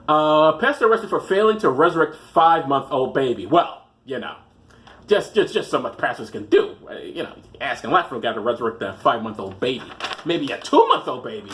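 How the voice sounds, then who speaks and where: A man's voice: mid-range voice, very animated, brisk, fairly bright tone. A man hosting a show, reading news stories aloud with rambling, sarcastic comic asides. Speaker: host.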